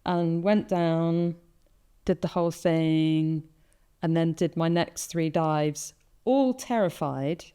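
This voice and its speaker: A woman hosts a podcast in a low, smooth voice. She tells personal stories in easy conversation, animating them by playing out her own inner thoughts. Her tone is mellow and relaxed. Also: takes it slowly. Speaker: podcast host. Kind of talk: casual conversation.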